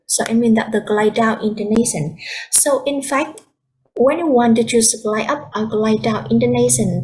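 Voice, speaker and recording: A woman's voice: a little high, darkish tone, slight background noise. A woman English teacher with a Vietnamese accent, explaining patiently over a video call. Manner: explains patiently, switching between languages. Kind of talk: online class instruction.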